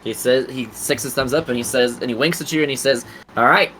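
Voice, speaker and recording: A man's voice: medium pitch, fairly even intonation, fast talker, slight background noise, poor audio. A man narrating as game master in a tabletop game, in a loose, rambling way.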